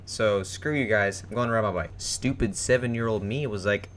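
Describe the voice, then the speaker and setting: A man's voice: on the low side, moderate pace, few pauses, a little hiss or hum. A young man telling a personal story in a rambling, casual way, with many fillers and restarts. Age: young adult. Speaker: vlogger.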